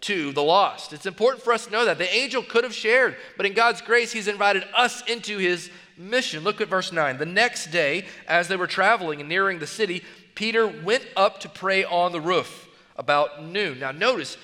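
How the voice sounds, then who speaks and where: A man's voice: high-pitched, normal speed, pushed and bright, big-room sound. A man preaching a sermon as pastor, emphatic and exhorting with repeated phrases, recorded in a church sanctuary.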